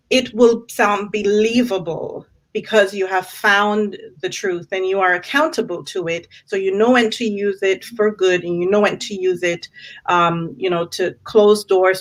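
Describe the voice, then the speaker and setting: A woman speaking earnestly on a panel discussion, measured and faith-inflected, with frequent restarts. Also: medium pitch, fairly even intonation, low-quality recording. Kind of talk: reflective panel talk.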